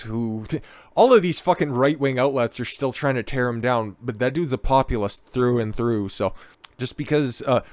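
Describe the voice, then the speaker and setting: A man's voice: medium pitch, clear, resonant tone, no echo. A man ranting sarcastically about politics in a casual, profane, dismissive way. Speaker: political commentator.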